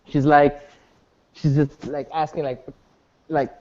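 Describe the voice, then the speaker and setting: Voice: medium pitch, flat delivery, slow pace, a little mellow. A game master narrating a tabletop game, rambling and restarting often. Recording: dull lo-fi recording.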